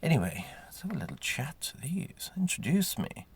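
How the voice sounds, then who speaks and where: A man's voice: a little high, sing-song, normal speed, creaky, breathy edge, no room sound, pitched above the performer's own voice, exaggerated voice. A man voicing a sardonic, snobbish who mutters wry asides.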